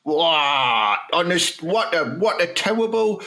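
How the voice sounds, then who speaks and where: A man's voice: a little high, big pitch swings, slow pace, sharp tone, full character voice. A man voicing a foul-mouthed older football manager, who rants and swears constantly in a comedy sketch. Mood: mocking.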